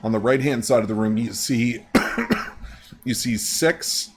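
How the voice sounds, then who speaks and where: A man's voice: mid-range voice, takes it slowly, slightly rough. A man running a tabletop game as game master, narrating in a loose, rambling way and swearing casually.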